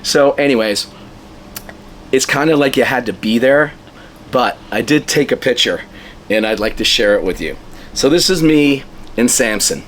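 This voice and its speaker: A man who is a local musician, telling a casual anecdote in an animated way and acting out the dialogue. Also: medium pitch, moderate pace, pauses often, slight background noise. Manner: animated storyteller, acts out dialogue, chuckles while telling. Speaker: local musician being interviewed.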